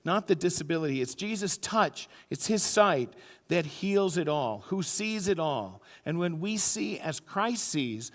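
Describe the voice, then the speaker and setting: A middle-aged man preaching a sermon as pastor, telling stories and acting out quoted voices with sudden loud bursts. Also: on the high side, animated, a little slow. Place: church sanctuary. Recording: church hall with long reverb.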